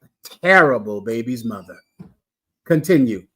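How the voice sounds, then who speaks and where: A man's voice: medium pitch, lively intonation, normal speed, a bit bright, husky. Blunt, crude preaching man. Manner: blunt, crude and scolding, with pointed questions. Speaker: preacher lecturing a class. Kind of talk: preaching commentary.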